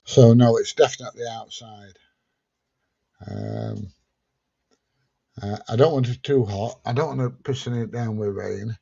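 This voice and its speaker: A man's voice: medium pitch, a little slow, creaky, long pauses, mellow, husky, highs cut off. A man hosting a casual livestream, reading out viewer questions and answering them plainly. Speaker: livestream host answering chat. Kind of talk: casual chat.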